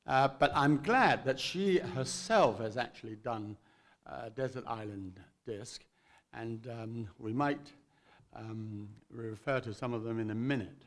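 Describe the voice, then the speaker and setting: A man hosting a stage interview, halting often with ums and restarts as he poses questions. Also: medium pitch. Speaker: interviewer, event host.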